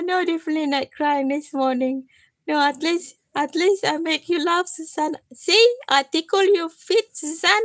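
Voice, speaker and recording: A tired woman chatting on a casual live stream, gently coaxing and self-mocking, often repeating her listener's name. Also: sits high, normal speed, no room sound. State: tired from lack of sleep. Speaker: livestreamer.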